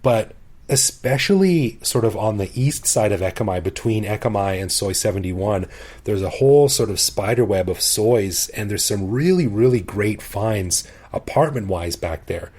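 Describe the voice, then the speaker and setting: This middle-aged podcast co-host, an expat based in Bangkok, has a fairly low, darkish, slightly rough voice and speaks at normal speed in an animated way. He chats casually and eagerly, frequently laughing and starting phrases over.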